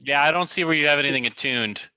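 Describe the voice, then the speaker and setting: Sharp-voiced male player thinking aloud. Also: a little high, fast, clear, resonant tone, no echo, low-quality recording. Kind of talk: casual chat at a game table.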